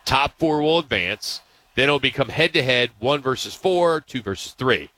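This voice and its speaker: Bright-voiced sports radio host man. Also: mid-range voice, animated, low-quality recording. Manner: reads news items in a brisk, upbeat way. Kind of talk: casual sports talk.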